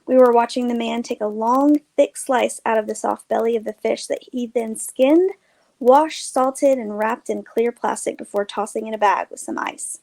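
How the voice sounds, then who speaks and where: Female host, scripted story reading, light voice, measured and expressive. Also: on the high side, creaky.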